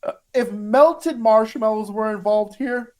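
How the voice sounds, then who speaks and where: A man's voice: sits high, a little slow. A man co-hosting a podcast, talking animatedly, swearing and calling his friend dude. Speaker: podcast co-host. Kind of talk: casual banter.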